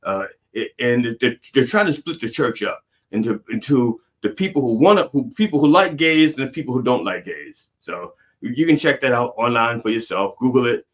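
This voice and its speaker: A man's voice: medium pitch, expressive, normal speed, few pauses. A middle-aged man delivering a rambling, profane mock sermon as a comedic preacher host.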